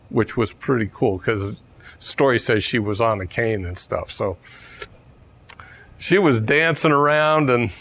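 Man, casual storytelling talk, slow, gravelly, digressive asides. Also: medium pitch, fairly bright tone.

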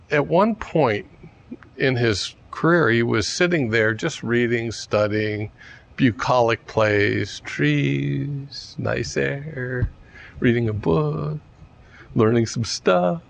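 Slow gravelly man telling a story. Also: medium pitch. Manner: casual, digressive, chuckling asides. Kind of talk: storytelling dharma talk.

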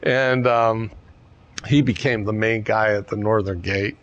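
A man's voice: fairly low pitch, steady tone, unhurried, dull audio. A man telling a teaching story in a casual, digressive way with chuckling asides. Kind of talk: storytelling dharma talk.

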